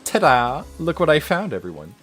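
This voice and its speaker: A man's voice: on the high side, wildly swooping pitch, normal speed, fairly bright tone, breathy edge, soft background music, voice pushed up, heavily acted. A man voicing a cheerful, teasing young woman crew member from a game story, with a breezy, playful drawl.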